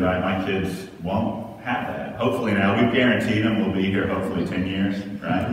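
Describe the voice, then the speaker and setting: Thirties male pastor, low voice, casual conversational sermon, roomy reverberant church pickup. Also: a little hiss or hum. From Texas. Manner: conversational, keeps asking "right?". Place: large church sanctuary. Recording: echoey hall, mic far off.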